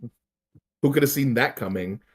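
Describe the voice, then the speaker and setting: A man's voice: mid-range voice, moderate pace, slightly rough. A man in casual conversation, ranting with lots of swearing and laughter. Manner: profane, animated ranting with laughs. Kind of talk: casual chat.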